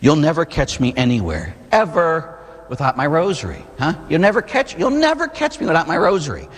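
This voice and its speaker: A middle-aged man, a Catholic priest, preaching a sermon in an animated storytelling way, often tossing in rhetorical asides. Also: on the high side, brisk. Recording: long hall reverb.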